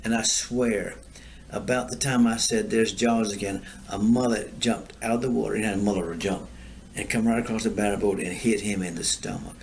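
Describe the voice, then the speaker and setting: An older man with a low, gravelly voice tells rambling stories, circling back over the same lines and chuckling at his own punchlines. He talks in a loose, easy chat recorded outdoors, with a faint hiss of noise underneath. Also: fairly even intonation, brisk. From Florida. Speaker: storyteller guest. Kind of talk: casual storytelling chat.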